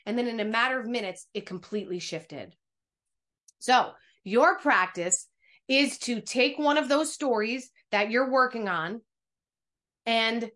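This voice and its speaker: A woman speaking coach teaching an online workshop over a video call, energetic and encouraging, speaking straight to her listeners. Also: fairly high pitch.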